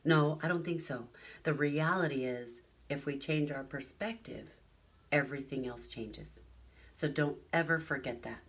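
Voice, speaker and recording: A woman's voice: sits low, unhurried, distant mic. A middle-aged woman giving an earnest motivational talk at a retreat, telling personal stories and acting out the voices of others. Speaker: retreat speaker.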